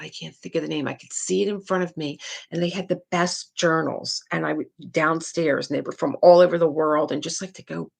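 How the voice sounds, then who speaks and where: A woman's voice: on the low side, creaky. A middle-aged woman hosting a live craft stream, chatting casually and rambling with her viewers. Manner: rambling, chatty, trails off and restarts. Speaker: diamond painting livestream host.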